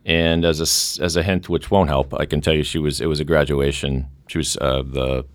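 Deep-voiced playful male podcast host. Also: level tone, a little fast, no room sound. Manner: playful, game-show patter. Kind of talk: casual quiz-game banter.

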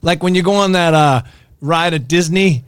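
A man hosting a podcast in casual chat, reacting excitedly to recordings he plays. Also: a little high, moderate pace, smooth, no echo, studio quality. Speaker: podcast host.

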